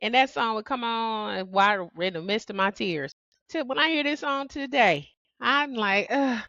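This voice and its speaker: A woman hosting a personal podcast, talking about heartbreak and healing in a reflective monologue, expressive and quick to laugh, often calling the listener "baby". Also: fairly high pitch, gravelly, no room sound, dull audio. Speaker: podcast host.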